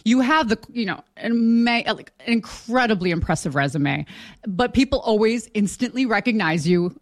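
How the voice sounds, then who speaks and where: A woman's voice: medium pitch, a bit bright. A woman hosting an interview, enthusiastic and laughing often as she asks questions. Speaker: interviewer host. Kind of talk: casual interview conversation.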